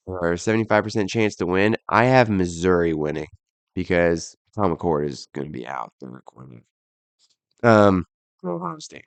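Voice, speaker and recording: Low, smooth-voiced man rattling off picks. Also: no room sound. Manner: offhand, self-deprecating, rattles off odds. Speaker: podcast host. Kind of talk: casual solo bowl predictions.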